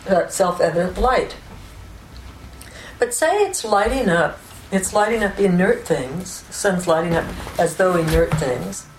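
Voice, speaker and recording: A woman with a fairly low voice teaches in a calm, explanatory way, often checking in with her listeners. The sound is roomy, with a noticeable echo and a faint hiss in the background. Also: unhurried. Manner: calm, explanatory, with frequent "right?" and "you know". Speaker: spiritual teacher. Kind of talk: unscripted spiritual teaching talk.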